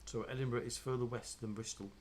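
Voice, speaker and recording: Laid-back guy running a live quiz stream, mid-pitched voice, reads the questions out and chats. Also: steady tone, quick pace, a little hiss or hum. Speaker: quiz host. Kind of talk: casual live-stream chat.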